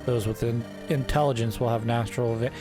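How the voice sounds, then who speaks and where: A man's voice: mid-range voice, steady tone, quick pace, music in the background, natural voice. A man reading the lines of an arrogant male sorcerer commander in a game, sneering and self-satisfied. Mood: smug.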